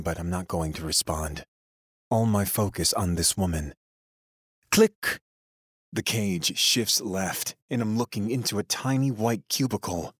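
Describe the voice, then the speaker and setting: A man with a low, husky voice narrates a first-person story from a script. His telling is steady, grim and measured. The recording is dry and close, with no room sound. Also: no echo.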